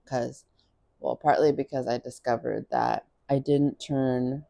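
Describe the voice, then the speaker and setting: A woman's voice: extremely low pitch, steady tone, unhurried, creaky, warm tone, no room sound. Tired woman rambling while chewing. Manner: tired and rambling, self-deprecating. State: tired, eating while talking. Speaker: vlogger. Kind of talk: casual vlog chat. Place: home, getting ready to leave.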